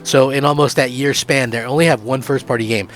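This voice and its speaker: A man hosting a gaming channel, giving excited, rambling opinion commentary with lots of fillers. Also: mid-range voice, fairly quick.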